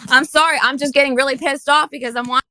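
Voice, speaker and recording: A woman's voice: high voice, fairly even intonation, fast talker, sharp tone. A woman hosting a live audio chat room, ranting heatedly with lots of swearing. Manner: angry, profane, heated ranting. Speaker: host. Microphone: phone or headset in a live audio room.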